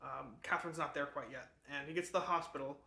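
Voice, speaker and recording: A man's voice: on the high side, fast talker, creaky, sharp tone, roomy sound. A man hosting a book club, giving a casual, rambling summary of a novel with many fillers and restarts.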